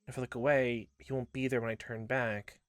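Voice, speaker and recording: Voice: mid-range voice, little pitch movement, brisk. A let's-play host reading a visual novel aloud in a casual, wry way, with rambling asides and faint game music behind.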